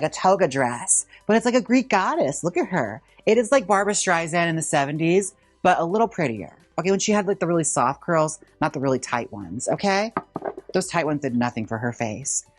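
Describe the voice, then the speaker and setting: A man's voice: high-pitched, moderate pace, dry recording, soft background music. A drag queen host chatting campily and sassily while styling a wig in a casual vlog. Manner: campy, sassy, animated chatter.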